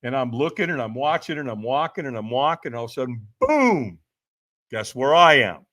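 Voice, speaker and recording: A man's voice: medium pitch, fast talker, pushed and bright, no room sound. A man, a podcast guest, telling a dramatic story, acting out quotes and often checking in with "right?". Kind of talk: animated storytelling.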